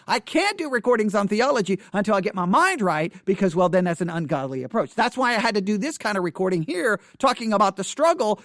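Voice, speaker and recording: A man's voice: high-pitched, no room sound, clean studio sound. A man who teaches the Bible, talking to camera in a frustrated, repetitive rant. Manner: frustrated, ranting, repeats himself. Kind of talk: unscripted video monologue.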